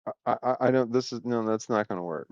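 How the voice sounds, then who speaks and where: Smooth-voiced man rambling wryly. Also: medium pitch, brisk, darkish tone, no room sound, muffled recording. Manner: meandering, self-interrupting, wry. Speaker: video host. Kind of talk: casual rambling monologue.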